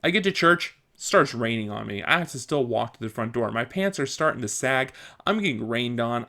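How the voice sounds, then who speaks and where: A man's voice: mid-range voice, animated, moderate pace, gravelly, hardly any pauses, pushed and bright. A young man venting in a casual vlog, exasperated and self-mocking, often laughing at his own frustration. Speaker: vlogger.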